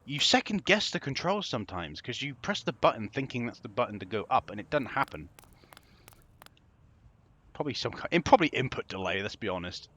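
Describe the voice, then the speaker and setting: A man's voice: mid-range voice, very animated, a little fast, fairly bright tone, breathy edge. A young man giving casual gameplay commentary, sarcastic and exasperated, swearing freely as he plays. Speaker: game commentator.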